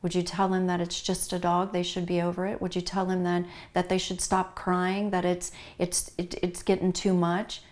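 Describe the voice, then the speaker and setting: A woman's voice: lowish voice, monotone, normal speed, few pauses. A middle-aged woman with a North American accent gives an earnest, heartfelt talk to grieving pet owners, urging them again and again. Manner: earnest, repetitive, warmly urging. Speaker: pet loss grief speaker.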